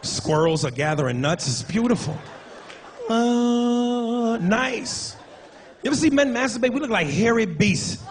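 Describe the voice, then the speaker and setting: A man doing a stand-up comedy set on a club stage, brash and profane, breaking into shouted impressions. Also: sits high, very animated, a little fast, few pauses, a faint crowd, a little hiss or hum.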